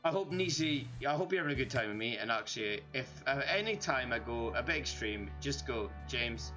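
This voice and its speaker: A man's voice: mid-range voice, animated, fairly quick, pushed and bright, soft background music. A man with a Scottish accent streaming a game, tipsy from drinking, talking in a rambling, self-deprecating way. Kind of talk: casual gaming stream chat.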